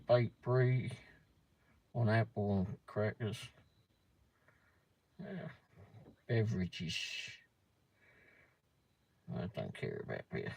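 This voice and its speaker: A man's voice: mid-range voice, creaky, darkish tone, husky. A man hosting a casual livestream, reading a pub menu aloud with muttered asides and the odd swear word. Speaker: livestream host.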